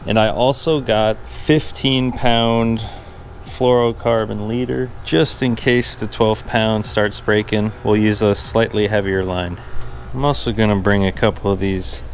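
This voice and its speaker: Excitable young man fishing from a boat. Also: fairly low pitch, measured pace, slight background noise. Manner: excitable, exclaims loudly when fish bite. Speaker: fishing vlogger. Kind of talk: casual outdoor fishing narration. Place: small boat on the water outdoors.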